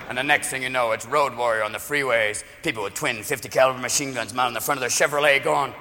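A male stand-up comedian doing an animated, rapid-fire routine in a live venue, slipping in and out of voices. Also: mid-range voice, very noisy. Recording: live club mic, echoing hall, crowd.

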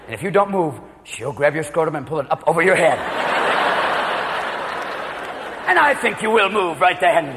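A man performing a manic stand-up routine, jumping into shouted character voices before a live audience. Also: fairly high pitch, big pitch swings, normal speed, long pauses. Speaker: stand-up comedian. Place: large theater stage. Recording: live hall with loud crowd and noise. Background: audience laughter.

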